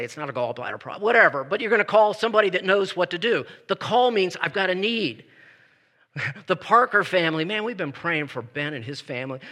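A man's voice: fairly high pitch, bright, forceful tone. A man preaching a Christmas Eve sermon in a conversational way, with frequent restarts and asides. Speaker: pastor.

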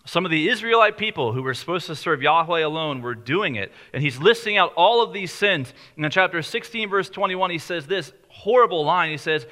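A man preaching a sermon in a conversational way, slowing down on key lines for emphasis. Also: a little high, expressive, pushed and bright. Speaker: pastor.

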